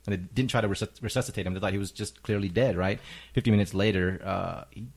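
Man, podcaster, quick news rundown, low voice, swears casually. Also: steady tone, gravelly. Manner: reads out news items fast, profane. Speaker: podcast co-host. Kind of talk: casual chat. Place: studio.

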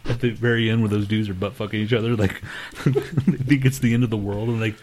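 A man's voice: fairly low pitch, steady tone, brisk, darkish tone, slight background noise. A man hosting a podcast in casual chat, crude and joking, swearing often and laughing a lot. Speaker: podcast host.

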